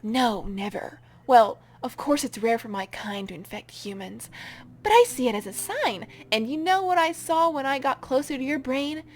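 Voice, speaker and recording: A woman voicing a possessive parasitic amoeba in the shape of a man, speaking low, soft and breathy, sometimes in a whisper, for a game reading. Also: animated, moderate pace. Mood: earnest.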